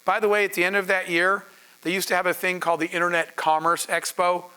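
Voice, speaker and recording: A man, a startup founder, telling stories to an audience in an animated way, laughing and acting out dialogue. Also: high voice, quick pace, clean tone, poor audio. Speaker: startup founder and panel speaker. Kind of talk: storytelling talk to an audience.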